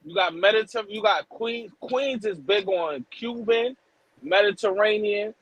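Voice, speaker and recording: A man's voice: sits high, a little slow, a bit bright, low-quality recording. A man from New York in casual chat, talking emphatically.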